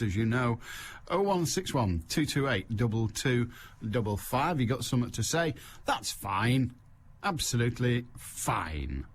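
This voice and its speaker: A man's voice: medium pitch, slight background noise. A man hosting a call-in radio show, chatting in a wry, rambling way full of joking asides. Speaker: radio phone-in host.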